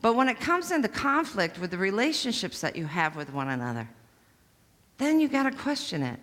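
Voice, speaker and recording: A woman's voice: mid-range voice, very animated, fairly quick, a bit bright. A woman pastor delivering a conversational, storytelling sermon to her congregation. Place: church sanctuary. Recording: long church-hall reverb.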